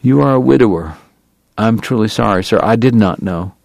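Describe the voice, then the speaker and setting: A man putting on a wordy Southern gentleman dentist, slow drawl, low voice, dry close sound, courtly and prickly. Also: expressive, vocal fry, no room sound. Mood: courteous. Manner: verbose, precise and courtly, prickly about his honor. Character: formal, long-winded Southern gentleman dentist and gambler.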